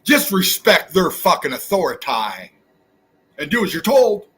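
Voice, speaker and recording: A man's voice: sits high, very animated, a little slow, bright, forceful tone, husky. A man hosting his own channel, delivering an angry, profane, preachy rant straight at his viewers. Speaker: channel host. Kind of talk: angry ranting monologue.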